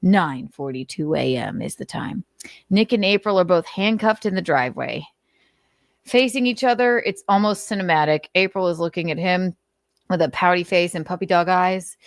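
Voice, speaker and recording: A woman reads written notes aloud in a mock-dramatic way, dropping sarcastic little asides between lines. Her voice sits a touch low, and the recording is close and dry with no room sound. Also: normal speed, no room sound. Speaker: host. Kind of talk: dramatic reading of documents.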